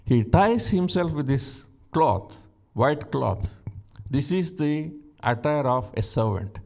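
A man preaching a sermon, teaching slowly and emphatically from scripture and rising to exclamations. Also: on the high side, expressive, vocal fry, darkish tone.

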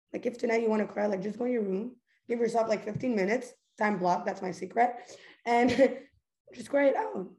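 A woman's voice: mid-range voice, a little mellow. A young woman hosting a casual motivational talk, goofy and earnest, talking in a loose stream full of "like" and restarts. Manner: goofy, chatty, earnest, fillers like "like". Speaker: host. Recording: echoey room.

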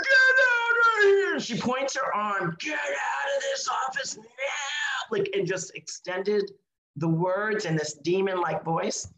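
A woman co-hosting a podcast, telling an indignant story in casual chat, full of fillers and restarts. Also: fairly low pitch. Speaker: podcast co-host. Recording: echoey room.

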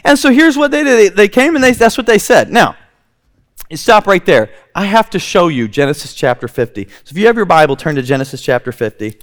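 A high-voiced man preaching to a congregation. He tells the story with animated voices for its characters and drops low and quiet when he quotes them. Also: brisk. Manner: retells scripture in lively voices. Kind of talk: sermon storytelling.

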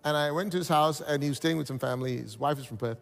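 A man's voice: on the high side, fast, creaky, big-room sound. A man preaching a sermon as pastor, telling stories with animation and calling on the congregation to repeat after him. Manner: animated storytelling preacher, calls out congregation responses. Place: church hall.

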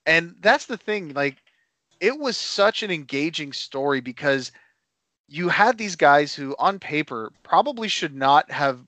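A man co-hosting a casual wrestling podcast, animated and playful as he banters with his co-host. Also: fairly high pitch, measured pace, dry recording.

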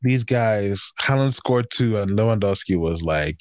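A man's voice: on the low side, animated, measured pace, darkish tone, no room sound. A man ranting in casual chat, heated and profane, swinging between raised outbursts and tired, fed-up grumbling.

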